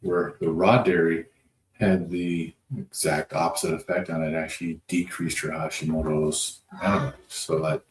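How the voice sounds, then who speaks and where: Low-voiced folksy man. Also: level tone, moderate pace. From North Dakota. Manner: easygoing, rambling, folksy. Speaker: livestream host. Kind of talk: casual livestream chat reading comments. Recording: echoey room with faint noise.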